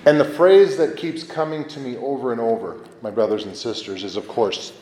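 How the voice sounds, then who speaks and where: A male priest delivers a homily in a relaxed, conversational, animated manner at a moderate pace, slipping into lively acted-out voices when quoting others. His pitch is ordinary, and the echoey audio has a long reverb ringing through a large church.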